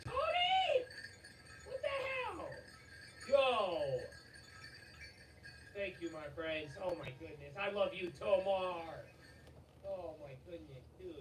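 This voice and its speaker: A man's voice: on the high side, slow, long pauses, recorded from a distance. Hyped male streamer with a strained voice. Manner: excitable, bursts of shouting and laughing, swears. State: strained, fading voice. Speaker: livestream host. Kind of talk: hyped livestream chat. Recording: echoey, off-mic, with loud background noise.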